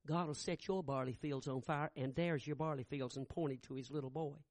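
An earnest, fervent preacher, as a man puts him on, calling out names in a raised, emphatic voice. His voice rides fairly high for a man, and the sound is dry and close. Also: fairly even intonation, brisk, darkish tone, no echo, natural voice. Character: earnest older male preacher, pleading warning.

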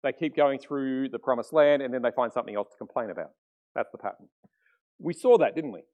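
A middle-aged man preaching a sermon as pastor, conversational and animated, often acting out quotes. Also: mid-range voice, fairly quick, muffled recording.

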